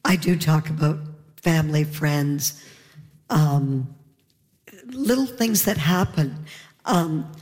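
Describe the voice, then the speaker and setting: Animated woman comedian in a hall. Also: low-pitched, slow pace, pauses often. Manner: animated, laughs while telling stories. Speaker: comedian on a panel. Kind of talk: panel discussion, storytelling.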